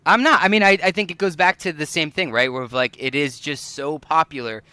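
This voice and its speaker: A man in a casual podcast chat with a bright, forceful voice that comes through smooth and crisp. He talks in an animated way and laughs often, recorded dry and close. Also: fairly high pitch, fairly quick, no echo. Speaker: podcast co-host.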